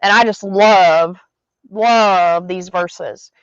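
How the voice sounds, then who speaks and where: A woman's voice: medium pitch, very slow, no room sound. A woman hosting a casual Bible study outdoors in a garden, reading verses and then explaining them in chatty everyday words. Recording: dull lo-fi dry sound.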